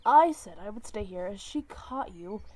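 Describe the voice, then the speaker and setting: A woman's voice: mid-range voice, expressive, normal speed, a little mellow, slight background noise, natural voice. Woman doing a muttering black tom cat. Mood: matter-of-fact. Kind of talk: storybook character voice.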